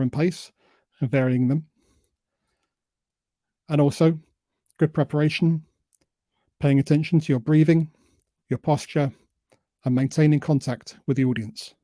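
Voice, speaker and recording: A man giving a presentation on public speaking, who admits he tends to talk too fast and deliberately varies his pace and emphasis. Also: a little high, dark tone, no echo. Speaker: invited speaker.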